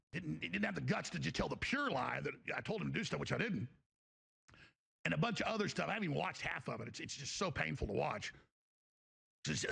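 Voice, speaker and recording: Male host, ranting monologue; very gravelly, husky voice. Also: on the high side, bright, forceful tone. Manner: emphatic, ranting, mimics others mockingly. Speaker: talk show host. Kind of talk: heated on-air monologue.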